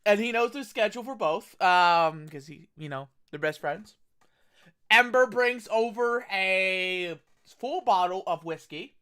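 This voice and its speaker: Man, higher voice, tabletop player rambling in character over voice chat. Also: a little slow, sharp tone, smooth. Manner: rambling, with frequent restarts.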